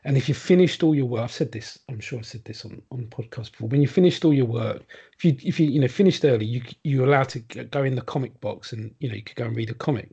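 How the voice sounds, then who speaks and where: A man's voice: mid-range voice, fast talker, gravelly, warm tone, slightly rough, highs cut off. A man chatting casually on a podcast, rambling with lots of ums and restarts. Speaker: podcast guest. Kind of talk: casual chat.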